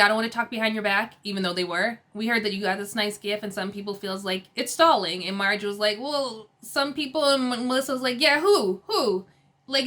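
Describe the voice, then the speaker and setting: A woman recapping a reality TV episode in a chatty, casual way, laughing often and quoting the cast in quick asides. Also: a little high, a bit bright.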